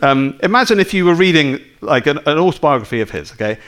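Lively male preacher. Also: fairly high pitch, quick pace. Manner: conversational, full of rhetorical tag questions. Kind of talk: sermon.

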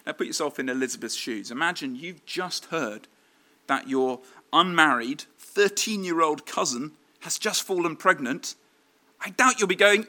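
A man preaches a sermon in a bright, clear voice that sits a little high. He talks conversationally, with fillers and restarts. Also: normal speed.

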